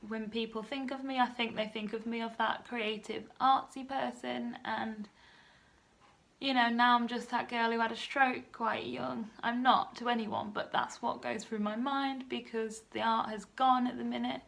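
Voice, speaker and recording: A woman in her twenties, talking softly and a bit nervously in a personal vlog. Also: a little high, steady tone, normal speed, vocal fry. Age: 20s. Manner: soft-spoken and nervous, often hushed. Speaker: vlogger.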